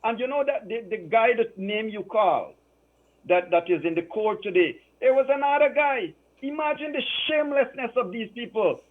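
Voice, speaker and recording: A man's voice: very high-pitched, animated, normal speed. An emotional man giving emphatic, repetitive political commentary over a phone line. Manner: emphatic, repeats phrases for emphasis. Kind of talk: impassioned political talk.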